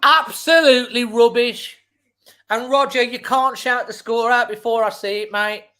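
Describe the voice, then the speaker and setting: A man's voice: very high-pitched, steady tone, normal speed, bright, forceful tone. A man reacts live to a football match as host of a fan channel. He calls the play as it happens, and his commentary is frustrated and exasperated, breaking into outbursts.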